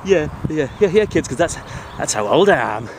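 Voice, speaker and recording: A man's voice: a little high, sing-song, moderate pace. Northern english bloke in his 40s rambling on a dune walk, crude jokes, out of breath, bit of outdoor noise. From England. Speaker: vlogger. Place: sand dunes by the sea, outdoors.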